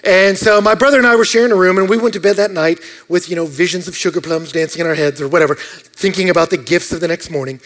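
A pastor giving a sermon, an animated storyteller who swings from loud outbursts to hushed asides. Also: male voice, sits high.

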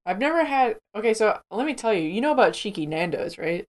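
A woman's voice: mid-range voice, big pitch swings, fast. A woman co-hosting a podcast in casual chat, playful and swearing. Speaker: podcast co-host.

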